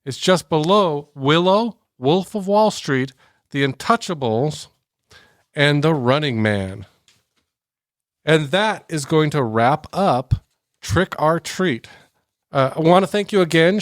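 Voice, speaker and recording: A man's voice: on the high side, no echo, studio quality. A man co-hosting a casual movie podcast, reading listener comments and joking with his co-hosts. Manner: joking, wraps up with a ranking. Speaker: podcast co-host.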